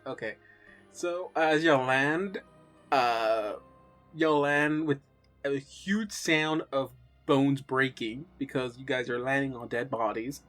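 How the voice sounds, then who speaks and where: A man acting as game master, narrating a tabletop game in a relaxed, halting way with many fillers. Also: mid-range voice.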